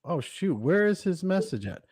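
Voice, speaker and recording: A man's voice: sits high, sing-song, normal speed, a crowd in the background. A man co-hosting a casual livestream, hesitant and full of fillers. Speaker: livestream co-host.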